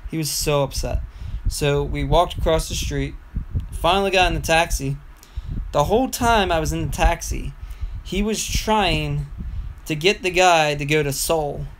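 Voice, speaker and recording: A young man talks loosely on a livestream, wandering through a story and restarting his sentences. His voice sits a little high for a man. A faint noise hums under the recording. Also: rough recording. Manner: meandering storytelling with frequent restarts. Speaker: gaming livestreamer. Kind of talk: casual rambling livestream chat.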